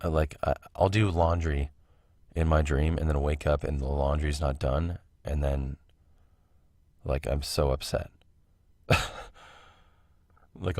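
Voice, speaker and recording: A man's voice: very deep voice, darkish tone, dry recording. A man hosting a casual solo podcast from home, rambling, interrupting himself and laughing at his own tangents. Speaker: podcast host. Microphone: home recording mic.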